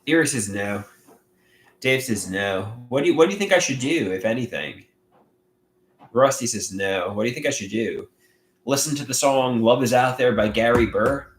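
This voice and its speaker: A man livestreaming on his own, reading viewer comments aloud and talking in a halting, rambling way with many restarts. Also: mid-range voice, expressive, reverberant, slight background noise. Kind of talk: casual livestream chat.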